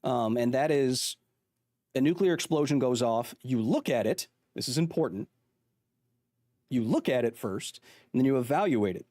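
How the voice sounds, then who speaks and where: A man's voice: mid-range voice, expressive, normal speed, pauses often, a little mellow, no room sound, clean studio sound. Playful man chatting on a live stream. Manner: playful, joking, reads chat aloud. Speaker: host. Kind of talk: casual live-stream chat.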